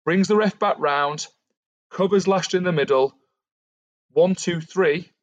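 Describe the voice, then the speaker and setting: A man on a podcast tells a long story in an easy, conversational way. He animates the quotes as he goes, and his voice sits slightly high for a man. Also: measured pace, no echo. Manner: animated, acts out quotes while retelling. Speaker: podcast co-host. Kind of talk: casual storytelling about a fantasy wrestling storyline.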